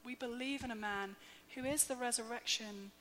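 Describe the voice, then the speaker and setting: A woman in her thirties preaching a sermon, slow, measured and emphatic, with soft quiet dips. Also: on the high side. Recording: long hall reverb, faint hum.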